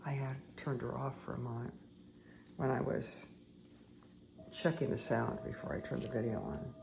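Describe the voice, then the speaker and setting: A woman hosting a meditation and tarot session, talking casually with a croaky, dry-throated voice and rambling, friendly asides to her viewers at home. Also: very deep voice, moderate pace, noisy background. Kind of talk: casual chatty talk to viewers.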